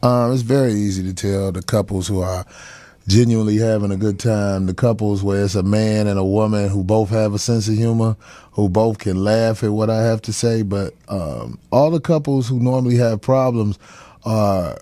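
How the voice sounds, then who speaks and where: A middle-aged comedian hosting his talk show, telling crude road stories in a loose, profane way and breaking into laughter as he goes. He slips into quick voices for the people he quotes. The sound is dry and close, with no room around it. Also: fairly low pitch, warm tone, dry recording. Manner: profane, laughing, chuckles mid-story. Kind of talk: casual storytelling chat.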